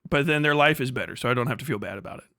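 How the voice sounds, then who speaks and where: A man's voice: mid-range voice, very fast, sharp tone, dry recording, studio quality. A man hosting a livestream, chatting crudely and ranting with lots of swearing and laughter. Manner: ranting, profane, laughs a lot. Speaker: streamer host. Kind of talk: crude casual livestream chat.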